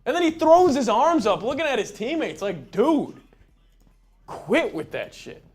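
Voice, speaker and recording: A man's voice: extremely high pitch, big pitch swings, unhurried, darkish tone, breathy edge, faint music behind. Exasperated man giving fan color commentary. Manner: blunt, exasperated, casual slang.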